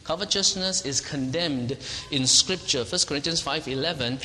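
A man preaching a sermon, emphatic and animated, often repeating words and laughing as he talks. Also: fairly high pitch, moderate pace, big-room sound, a little hiss or hum, rough recording.

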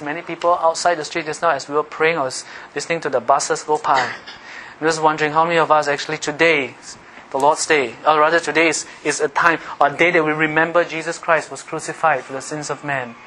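A man preaching a sermon, animated, teasing the congregation with questions and laughing. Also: a little high, a little fast, a little hiss or hum, rough recording. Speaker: pastor.

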